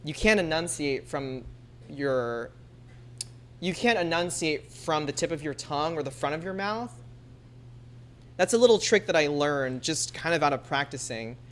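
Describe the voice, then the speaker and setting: Woman streamer, casual chat, low pitch, chatty with many fillers. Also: animated, moderate pace, fairly bright tone, a little hiss or hum.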